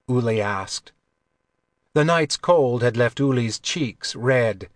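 A man narrating an audiobook with a measured, even delivery on a close mic. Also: mid-range voice, dry recording.

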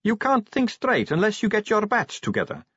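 A man's voice: high-pitched, huge pitch swings, moderate pace, a bit bright, husky, no echo, voice pushed up, full character voice. A man voicing a cheeky, teasing young female vampire constable in a chatty, breezy manner. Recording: dull lo-fi recording.

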